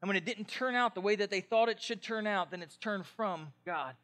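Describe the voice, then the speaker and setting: A pastor preaching a conversational sermon, dropping to quiet asides and building to excited, loud passages. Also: male voice, sits high, fairly quick.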